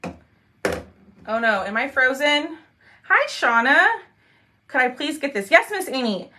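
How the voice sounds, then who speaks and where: A woman's voice: sits high, animated, slow pace, pushed and bright. A woman hosting a casual crafting livestream, chatting and greeting viewers by name.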